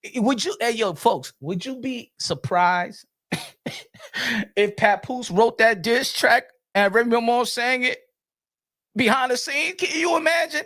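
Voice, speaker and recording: A man hosting a small boxing channel, ranting comically, laughing and repeating lines with shouted bursts. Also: very high-pitched, lively intonation, slow pace. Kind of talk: comedic rant commentary.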